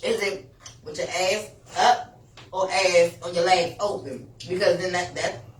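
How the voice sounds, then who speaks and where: A woman co-hosting a podcast in casual chat, animated, profane and laughing. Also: on the low side, measured pace. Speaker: podcast co-host. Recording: echoey room, far from the mic, crowd noise.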